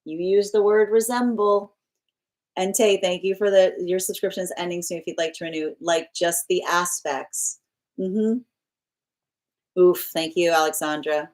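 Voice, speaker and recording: A woman's voice: fairly low pitch, steady tone, measured pace, darkish tone. A woman tarot reader chats through her live stream from home, reading comments aloud in a loose, rambling way. She laughs easily and restarts her sentences as she goes. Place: at home with her pet nearby.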